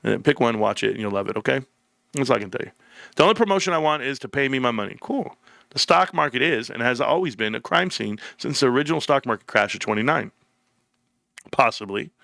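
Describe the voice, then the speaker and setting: A man hosting a live stream, telling stories in an animated, slangy, emphatic way. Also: mid-range voice, fast, creaky, dry recording. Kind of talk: casual live-stream chat.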